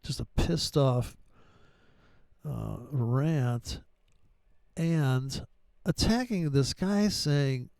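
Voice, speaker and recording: A man talks through his forex charts in a loose, rambling way, swearing freely and dropping sarcastic jokes. His voice is gravelly and dark, and the room sounds dry and close. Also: mid-range voice, lively intonation, very slow, pauses often, no room sound. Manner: rambling, profane, sarcastic asides. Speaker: forex trading educator. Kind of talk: casual profane trading commentary.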